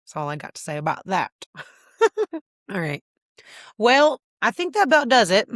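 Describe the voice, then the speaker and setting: A woman's voice: mid-range voice, fairly bright tone, no echo, studio quality. A woman hosting her podcast, talking candidly and casually with lots of fillers, a little teary. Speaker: podcast host. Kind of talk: casual solo video check-in.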